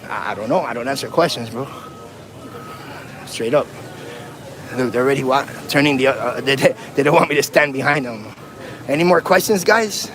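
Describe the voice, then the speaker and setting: A man's voice: mid-range voice, a bit bright, slight background noise. A man auditing police on a livestream, talking in a taunting, provocative, slangy way while filming on a handheld phone outdoors in a city. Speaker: first amendment auditor. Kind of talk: livestreamed street confrontation.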